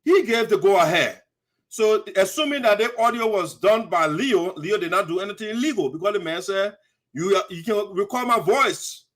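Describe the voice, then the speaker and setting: A man's voice: high-pitched, expressive, brisk, a bit bright. A man with a Liberian English accent hosting heated political commentary, indignant and mocking. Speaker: host.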